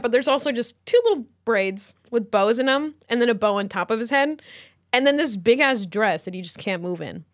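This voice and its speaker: Animated, high-voiced woman podcaster. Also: dry recording, studio quality. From United States. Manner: animated storyteller, acts out quotes with big pitch jumps. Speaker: podcast co-host. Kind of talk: casual sibling podcast chat.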